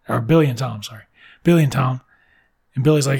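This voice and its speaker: Gravelly man retelling a story crudely. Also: medium pitch, a little mellow. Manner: crude, sarcastic, acts out characters in quick voices. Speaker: comedic book reviewer. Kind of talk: profane comedic story retelling.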